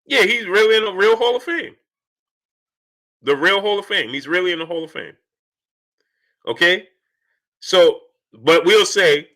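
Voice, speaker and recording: A man hosts a live stream in a loose, animated chat style, calling out viewers' names in quick succession. His voice is fairly high and very bright, with a forceful, cutting edge. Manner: animated, shouts out chat names rapid-fire.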